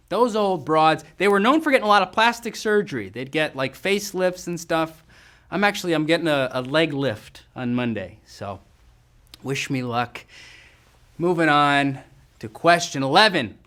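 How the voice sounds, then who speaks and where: A man's voice: sits high, a bit bright. A man hosting a live trivia game show, reading questions and answers with upbeat, jokey asides to the players. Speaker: quiz show host.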